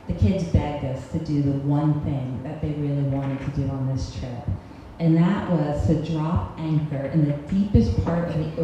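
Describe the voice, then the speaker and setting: A woman's voice: sits low, dull audio. Wry woman telling a story in a hall. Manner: wry, self-mocking, laughs through her lines. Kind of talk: live storytelling performance. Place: cultural center hall, on stage. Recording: echoey live hall recording with faint hiss.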